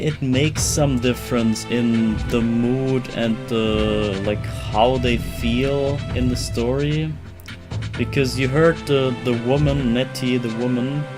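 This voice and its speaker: A young man with a German accent, a native German speaker, giving casual, rambling gameplay commentary and swearing freely. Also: medium pitch. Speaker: streamer.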